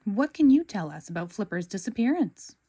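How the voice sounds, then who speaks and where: A woman voicing a cheerful, eager young sea sponge fry cook in a storybook read-aloud, excitable and earnest. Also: mid-range voice, a little fast.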